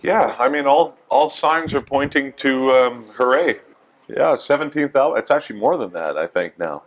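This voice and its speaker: A man's voice: mid-range voice, lively intonation, moderate pace, low-quality recording. A man in his forties with a Canadian accent, chatting casually in an interview, joking and self-deprecating. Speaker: interview guest, musician.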